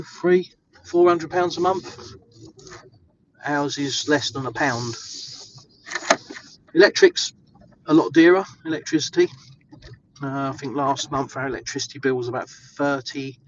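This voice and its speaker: English bloke rambling on while walking outside in the snow, lots of ums, a bit muffled, faint wind behind. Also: male voice, mid-range voice, fairly bright tone. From England. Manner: chatty, rambling, with many fillers. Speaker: vlogger. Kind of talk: casual walking vlog. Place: outdoors in the snow.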